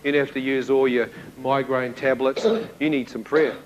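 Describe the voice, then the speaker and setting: A man giving a spoken testimony to an audience, telling his story in an animated way and acting out the dialogue. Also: medium pitch, moderate pace, muffled recording, noisy background. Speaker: speaker giving a personal testimony.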